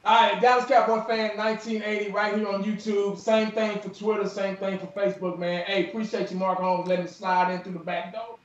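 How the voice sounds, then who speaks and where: A man's voice: high-pitched, level tone, brisk, few pauses. A man guesting on a casual show who talks in easygoing, friendly slang. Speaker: guest, fan channel host. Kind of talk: casual chat. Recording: distant echoey dull call audio.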